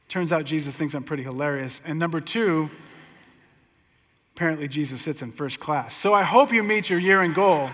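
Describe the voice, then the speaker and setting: Middle-aged man, pastor, slightly higher voice; casual, humorous sermon storytelling; long hall reverb. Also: a bit bright. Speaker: pastor teaching.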